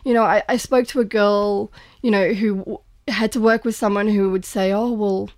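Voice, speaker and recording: A woman's voice: medium pitch, steady tone, moderate pace, no room sound. Woman, podcast co-host, earnest and thoughtful, dry studio sound. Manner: earnest, thoughtful, with frequent restarts. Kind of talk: casual podcast discussion.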